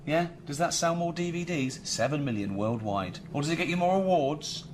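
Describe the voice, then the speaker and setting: A middle-aged man with a Reading accent, playing himself in a comedy sketch with a deadpan, self-important manner. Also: a little high, normal speed, noisy background. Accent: English, Reading.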